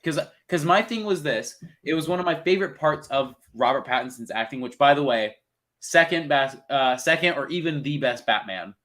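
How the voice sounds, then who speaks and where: Excitable young man rambling about movies. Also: medium pitch, moderate pace. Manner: rambling, excitable, swears casually. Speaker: podcast co-host. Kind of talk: casual movie review chat.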